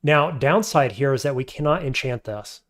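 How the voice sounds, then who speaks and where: A man's voice: medium pitch, animated, moderate pace, fairly bright tone. A man streaming a game, thinking aloud as he weighs his options and answers chat. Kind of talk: casual live-stream commentary.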